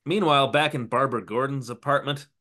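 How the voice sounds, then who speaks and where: A man's voice: medium pitch, fast, sharp tone. A man co-hosting a podcast, recapping a TV episode in a wry, rambling way. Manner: wry, dry, rambling narration. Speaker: podcast co-host.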